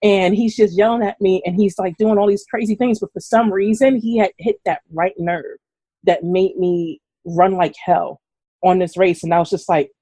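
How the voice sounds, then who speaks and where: A woman's voice: medium pitch, normal speed, husky. A woman from Brooklyn, a guest on a live video chat, telling stories casually and acting out quoted lines with laughs. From Brooklyn, New York. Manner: animated, laughing, acts out quotes. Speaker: guest runner.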